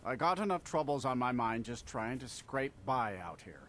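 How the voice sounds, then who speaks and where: Gruff rustic carriage driver in a game, folksy and short-spoken, with lively inflection. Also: male voice, medium pitch, normal speed, a little hiss or hum. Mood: terse. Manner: laconic, folksy.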